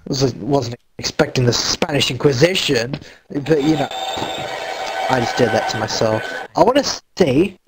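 A man's voice: on the high side, gravelly, slight background noise, low-quality recording. Crude Australian man on voice chat. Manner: crude, swearing, joking, rambling. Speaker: gamer chatting with friends. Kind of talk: casual gaming voice chat.

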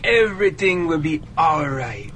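High, sing-song, slow fake-Jamaican office guy, ad clip over guitar. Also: sing-song. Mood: upbeat. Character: cheerful office worker putting on a Jamaican accent. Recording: commercial clip with music behind.

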